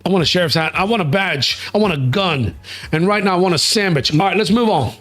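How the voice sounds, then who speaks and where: A man's voice: sits high, expressive, fast, a bit bright. A man hosting a casual panel talk show, blunt and joking, swearing casually. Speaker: podcast host.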